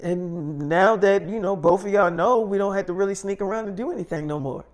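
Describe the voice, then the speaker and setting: Brief: man with a high voice, rambling freestyle storyteller, casual. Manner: casual, rambling, quick asides.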